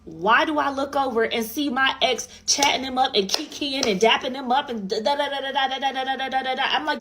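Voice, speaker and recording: A young woman telling a storytime monologue, exasperated and profane, dropping to mutters and rising to shouts, repeating lines for emphasis. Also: high-pitched, expressive, a little fast, rough recording.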